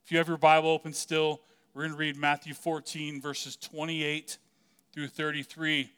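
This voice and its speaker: Male preacher, slightly high and very clear voice, chatty and playful delivery. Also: little pitch movement, moderate pace, fairly bright tone. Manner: casual and joking, many "like" fillers. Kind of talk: conversational sermon.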